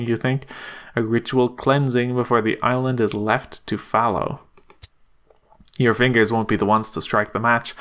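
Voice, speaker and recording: A man reading a text game aloud in a reflective, measured voice. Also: mid-range voice, a bit bright. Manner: reflective, measured second-person narration. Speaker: game reader.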